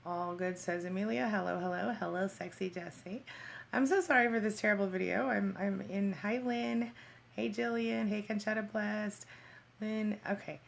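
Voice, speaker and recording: Speaking in a mid-range, steady voice with some creak, a woman hosts a casual livestream from her phone. She greets viewers by name, reads their comments aloud, laughs easily and talks in quick bursts.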